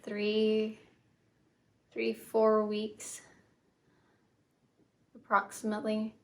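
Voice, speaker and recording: Young woman vlogging her story, pretty monotone, soft and halting, lots of ums. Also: medium pitch. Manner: soft, halting and emotional, with many fillers and restarts. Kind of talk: personal story vlog.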